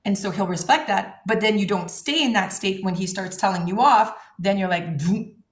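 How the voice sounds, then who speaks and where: Female coach talking to camera, animated and blunt, average pitch, roomy echo. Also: moderate pace. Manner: animated, blunt, swears freely. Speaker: manifestation coach. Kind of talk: casual advice talk to camera.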